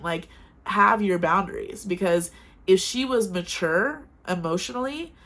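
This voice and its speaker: A young woman vlogging casual advice to camera, chatty and frank, telling stories from her own life. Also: lowish voice. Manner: chatty, frank, animated storytelling.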